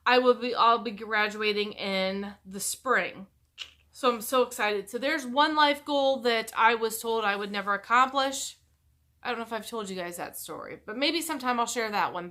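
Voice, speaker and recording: Woman, middle-aged, bright sharp tone, rambling casual chat, restarts sentences. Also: medium pitch. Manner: chatty, rambling, self-interrupting. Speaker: YouTuber.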